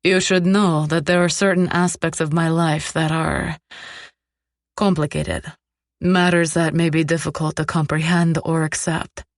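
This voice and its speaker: A woman voicing a calm menacing male crime boss. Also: low voice, unhurried, dry recording, studio quality. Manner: calm, clipped, threatening.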